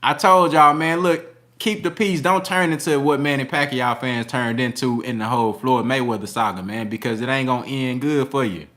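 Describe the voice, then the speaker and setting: A man's voice: medium pitch, fairly even intonation, normal speed, a bit bright. A man hosting a casual boxing livestream, reading super chats with slangy, laughing banter.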